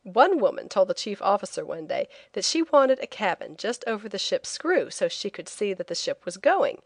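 A woman reading a travel memoir as an audiobook narrator, telling it in a clear, lively way. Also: medium pitch, moderate pace, dry recording, clean studio sound.

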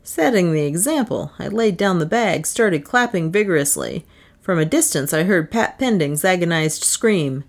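A woman reading a short story aloud with an expressive delivery, and then commenting on it casually. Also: lowish voice, normal speed. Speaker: story reader.

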